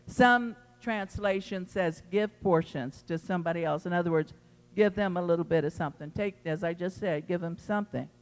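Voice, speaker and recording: High-voiced man preaching in a reverberant hall. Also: normal speed. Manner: impassioned, emphatic preaching with big swings in loudness. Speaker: pastor. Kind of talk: sermon. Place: church sanctuary.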